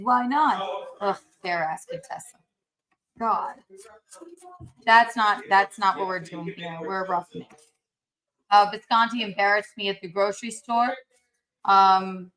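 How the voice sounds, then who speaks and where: Chatty woman cooking on a stream, bit high-pitched, swears a lot, brash. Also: fairly bright tone, low-quality recording. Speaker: livestream host. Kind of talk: casual chat while cooking on a livestream.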